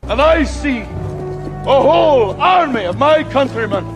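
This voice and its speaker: An actor playing a defiant rebel leader with a Scottish accent, rousing and declamatory. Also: male voice, very high voice, animated, slow, music in the background, heavily acted. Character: defiant male rebel leader rallying troops.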